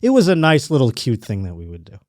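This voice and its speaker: A man hosting a podcast, chatting casually in a rambling, joking way and swearing freely. His pitch sits mid-range but swings widely as he talks. The recording is close and dry, with no room sound. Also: huge pitch swings, fast, a little mellow, dry recording. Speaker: podcast host.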